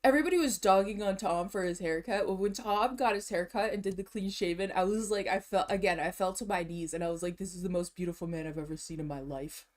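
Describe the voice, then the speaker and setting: Excitable young-sounding woman streamer. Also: mid-range voice, fast talker, hardly any pauses. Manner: excitable, talks to herself, slangy, laughs often. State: out of breath. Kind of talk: casual chat while browsing online.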